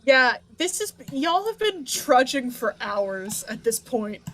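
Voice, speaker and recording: A woman running a tabletop game as game master, speaking slowly with many pauses and ums. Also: high-pitched, very animated, fairly bright tone. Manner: slow and halting, many ums.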